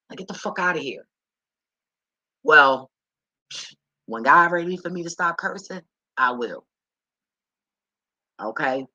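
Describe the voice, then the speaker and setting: Bright, husky-voiced woman, preachy and blunt, lecturing the viewer. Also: sits low, dry recording, lo-fi sound. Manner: emphatic, preachy, profane, talks straight to viewer. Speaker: vlogger. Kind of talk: blunt profane advice rant.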